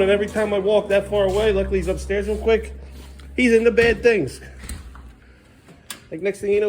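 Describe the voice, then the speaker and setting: A man's voice: high-pitched, slight background noise. A man filming a casual home vlog, coaxing his kids along and talking to the camera. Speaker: parent vlogger. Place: family home kitchen.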